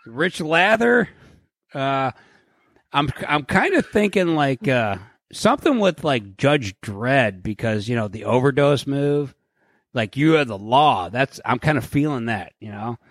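A man's voice: mid-range voice, expressive, a little slow, no room sound. Profane joking man, dry sound. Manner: profane, joking, acts out imagined dialogue. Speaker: podcast co-host. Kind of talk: casual chat.

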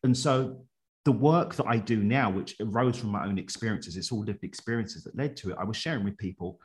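Lively man telling his story. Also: fairly low pitch, brisk. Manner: animated, chuckles often, colloquial. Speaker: podcast guest, coach. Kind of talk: personal storytelling in conversation.

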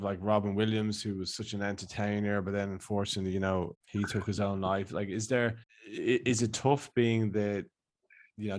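A man hosting a casual interview, often restarting his questions and laughing along. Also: on the low side. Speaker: interviewer host.

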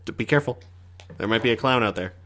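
A man co-hosting a casual movie review podcast, talking in a relaxed, thoughtful way with the odd swear. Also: mid-range voice, fast, slight background noise. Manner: relaxed, thoughtful, lightly profane. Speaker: podcast co-host.

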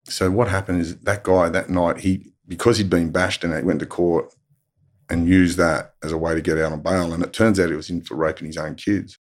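Deep-voiced blunt Australian man. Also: level tone, fairly quick. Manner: blunt, swears freely. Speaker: guest telling prison stories. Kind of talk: casual storytelling.

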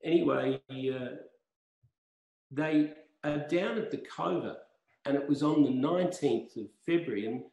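A man's voice: fairly high pitch, measured pace, gravelly, darkish tone. A man as a podcast guest, telling rambling, impassioned stories in conversation. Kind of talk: storytelling conversation. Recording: roomy echo.

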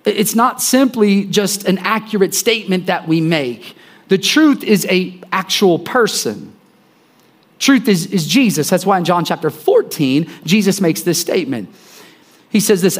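Male preacher, a bit higher voice, conversational sermon delivery with repeated phrases. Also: lively intonation, moderate pace.

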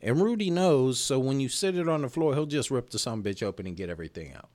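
A man's voice: medium pitch, lively intonation, fast talker, a little mellow. A man co-hosting a comedy podcast, rambling and stammering in casual chat and laughing often. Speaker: podcast co-host.

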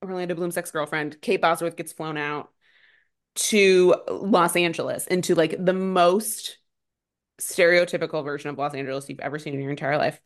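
Woman co-host, slightly low voice, quick sarcastic movie recapper. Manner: animated, sarcastic, fast recapping with many "like"s. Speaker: podcast co-host. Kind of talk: casual chat.

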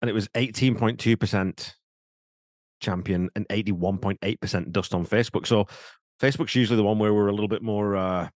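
A man co-hosts a podcast in casual chat, wry and quick to laugh. He talks at a rapid clip in a slightly low voice. The sound is dry and close. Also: fairly even intonation, darkish tone, no echo. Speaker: podcast co-host.

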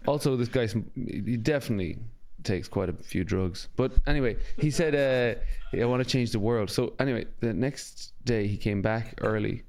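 A man's voice: medium pitch, moderate pace, hardly any pauses, darkish tone. A man co-hosting a podcast, chatting casually and telling rambling, sweary anecdotes. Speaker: podcast co-host. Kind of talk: casual chat.

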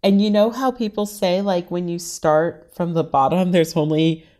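A woman from the Washington, D.C. area speaks as a guest in an interview, in a slightly low voice. She talks openly and casually about her own life and fills her sentences with "like.". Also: steady tone, moderate pace, a little mellow. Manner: frank, chatty, heavy use of "like". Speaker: interview guest, writer and stylist. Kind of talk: candid personal interview conversation.

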